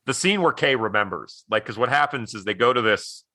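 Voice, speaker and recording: A man's voice: mid-range voice, lively intonation, fairly quick, sharp tone, no echo. A man co-hosting a podcast, recapping a movie in casual chat, rambling with lots of "like" and laughing easily. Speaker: podcast co-host.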